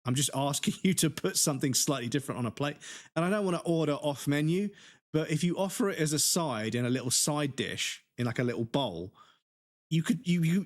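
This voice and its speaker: A man's voice: fairly high pitch, no room sound, studio quality. A man with an English accent chatting casually on a live game stream, ranting with swearing and laughing asides.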